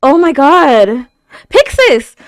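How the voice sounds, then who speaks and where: A woman reacts aloud to an anime episode, her high voice leaping all over its range. She gasps, stammers and exclaims nonstop. The sound is close and dry. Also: sing-song, slow, dry recording. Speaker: reaction video host. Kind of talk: live anime reaction commentary.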